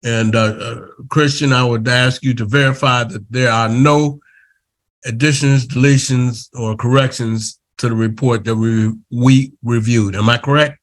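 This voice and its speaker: A man's voice: mid-range voice, fairly even intonation, a little slow. A man, a defense attorney, addressing the court formally and hesitantly. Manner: hesitant, with fillers.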